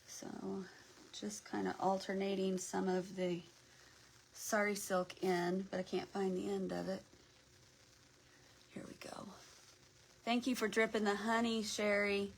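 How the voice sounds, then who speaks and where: A woman's voice: mid-range voice, flat delivery, measured pace, creaky, slight background noise, low-quality recording. A woman hosting a casual craft livestream, chatting and greeting viewers by name as she works, sometimes dropping to a near whisper.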